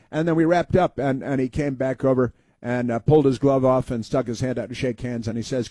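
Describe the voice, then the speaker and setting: A man's voice: mid-range voice, fairly even intonation, warm tone, no room sound. Folksy male talk radio host, dry close sound. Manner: halting, many uh fillers and restarts; folksy storytelling, acting out quoted voices. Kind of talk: rambling talk radio monologue.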